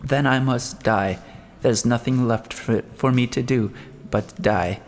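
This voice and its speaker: A man's voice: medium pitch, slow pace, faint music behind, pitched above the performer's own voice, lightly acted. A man reading the part of a desperate, grief-stricken old father who pleads and rails at himself in an audiobook. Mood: despairing. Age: older. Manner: wailing, pleading, self-reproaching.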